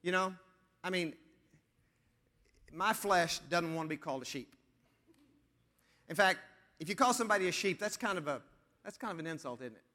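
A high-pitched man preaches with a bright, ringing tone. He leans on repeated phrases and asks his listeners questions as he goes. His voice carries a long reverb through a large church hall. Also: lively intonation, normal speed, long pauses. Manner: emphatic, repeating phrases for effect. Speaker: pastor. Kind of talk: sermon.

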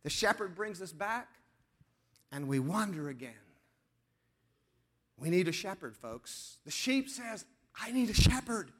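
A man preaching a sermon as pastor, moving between emphatic lines and hushed, slow stress on key words. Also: sits high, sing-song. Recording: long hall reverb.

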